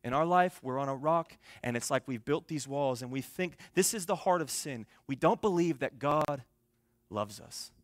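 A young man preaching a sermon, telling a story and swinging between soft, quiet passages and loud, emphatic ones. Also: mid-range voice, animated, moderate pace, no echo. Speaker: pastor.

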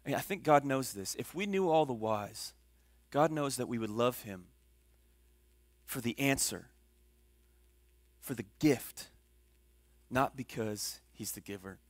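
A man preaching a sermon as pastor, swinging from hushed, low passages to loud, emphatic ones. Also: lively intonation, unhurried, long pauses, dry recording.

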